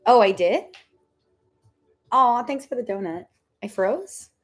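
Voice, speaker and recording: A woman's voice: a little high, animated, takes it slowly, soft background music. A young woman giving tarot readings on a casual livestream, chatty and giggly with many fillers. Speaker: tarot reader.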